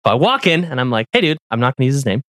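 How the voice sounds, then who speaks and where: Podcast co-host, male, lively storyteller, dry close mic, lots of pitch movement. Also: very fast, no room sound. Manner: animated storyteller, laughs often, acts out quotes. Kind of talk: casual storytelling chat.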